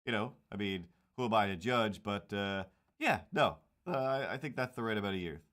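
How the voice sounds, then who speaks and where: A cartoonist streaming his drawing process rambles through casual commentary, thinking aloud and filling gaps with lots of fillers. He has a lowish, fairly bright voice with lively intonation and a moderate pace.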